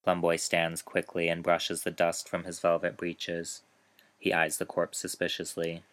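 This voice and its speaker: A man with a very low, even voice reads a grim story aloud. He takes it slowly and keeps the telling measured, with little rise and fall. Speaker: author reading his story. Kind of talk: narrated story reading.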